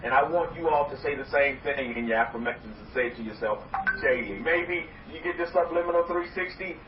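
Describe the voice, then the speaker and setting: A man preaching as a rabbi to a congregation, loud and excited, repeating phrases for emphasis. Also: mid-range voice, fairly quick, music in the background. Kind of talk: energetic sermon to a congregation. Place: hall with congregation. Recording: roomy, distant, dull lo-fi recording with faint noise.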